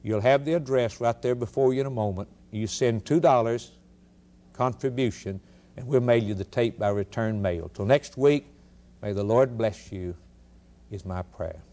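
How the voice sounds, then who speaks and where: On the radio, a man preaches an emphatic sermon at a moderate pace in a medium-pitched voice. He fires off rhetorical questions and swings between loud declarations and hushed lines.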